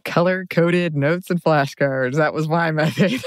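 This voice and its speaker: A woman's voice: low-pitched, unhurried, dry recording, studio quality. A woman co-hosting a podcast in casual chat, giggly and a bit nervous. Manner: giggly, nervous, answers briefly. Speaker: podcast co-host.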